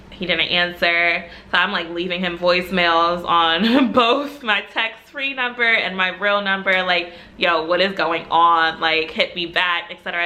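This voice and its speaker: Casting: young woman, bright forward voice, chatty storytime vlogger, animated and casual. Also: on the low side. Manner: chatty, animated, full of "like", laughs while telling.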